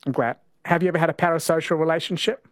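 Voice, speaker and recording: A man's voice: on the high side, fairly even intonation, racing, no room sound, studio quality. Chatty, playful male radio host. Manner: playful, chatty, laughs easily. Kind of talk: talkback radio chat and quiz. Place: radio studio.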